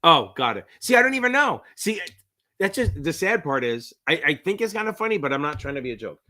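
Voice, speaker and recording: A middle-aged man with a New Jersey accent, tutoring on a live-stream Q&A in a rambling, profane, excitable way. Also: a little high, brisk. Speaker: exam prep tutor.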